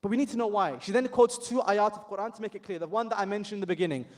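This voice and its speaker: A man with a fairly high voice delivers an impassioned sermon to a gathering in a mosque. He speaks earnestly, pressing his points home with rhetorical questions. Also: racing, a little mellow.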